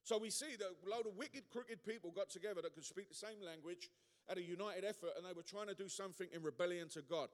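A man with a high voice preaches a sermon, punching key words and building to loud peaks. He keeps turning to the congregation with asides and questions. His voice rings out with a long reverb in a large church hall. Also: fast.

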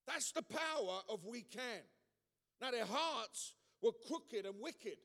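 A man preaching a sermon to a congregation, emphatic and conversational, building to loud punchy peaks and throwing asides to the room. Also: sits high. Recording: long reverb of a large hall.

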